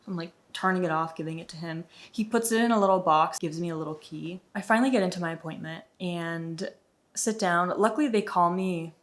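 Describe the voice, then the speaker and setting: A woman's voice: on the low side, brisk. A young woman from the United States chatting through an exasperated storytime vlog, with lots of "like". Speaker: vlogger. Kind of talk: casual storytime.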